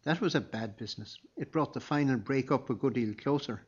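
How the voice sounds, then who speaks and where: Brief: a man doing a wry old storytelling abbot, husky, slightly muffled. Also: mid-range voice, fairly quick, close to an everyday voice. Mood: musing. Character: calm, thoughtful old male abbot telling tales.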